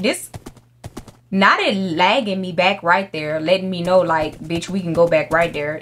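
A woman's voice: fairly low pitch, animated, moderate pace, a bit bright, a little hiss or hum. A young woman giving casual gameplay commentary, brash and profane, scolding the animals in her game. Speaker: gaming YouTuber.

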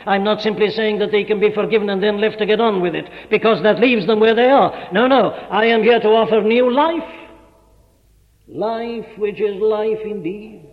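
Brief: emphatic male preacher, fairly high voice, long hall reverb. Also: normal speed. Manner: emphatic, rhetorical repetition. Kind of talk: sermon. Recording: dull echoey hall recording.

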